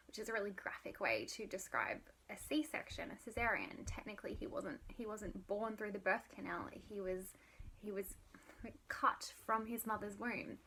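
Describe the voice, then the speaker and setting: This literature teacher, a young adult woman, keeps her lesson casual and chatty, full of "like" and other fillers, now and then dropping to a whisper. Her medium-pitched voice is husky with a sharp edge, expressive and at normal speed.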